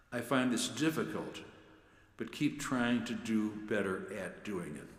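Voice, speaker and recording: Male church lector, measured and deliberate, low voice, roomy reverberant sound. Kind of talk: prepared talk on reading scripture aloud. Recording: echoey room with long reverb.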